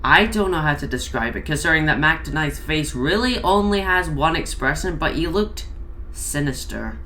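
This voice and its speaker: Woman story reader, bright tone, sarcastic and profane commentary. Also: low voice, lively intonation, moderate pace, slight background noise, poor audio. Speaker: creepypasta reader. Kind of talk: comedic story reading with commentary.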